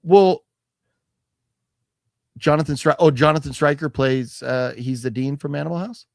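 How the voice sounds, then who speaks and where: A man's voice: a little high, moderate pace, creaky, darkish tone, no echo, clean studio sound. A man hosting a casual chat about a movie haul, rambling with restarts and reading chat comments aloud. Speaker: show host.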